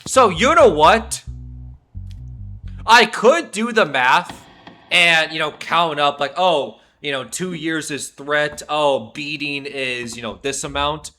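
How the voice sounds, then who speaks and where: A man streaming a video game, giving excitable, jokey commentary and swearing often. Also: on the high side, slow, soft background music. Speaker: gaming streamer. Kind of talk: let's-play commentary.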